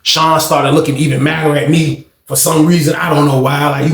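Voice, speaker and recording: A man telling a story in a casual vlog, slangy and animated, with lots of fillers and cursing. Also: on the high side, moderate pace, gravelly, a little hiss or hum. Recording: roomy echoey room.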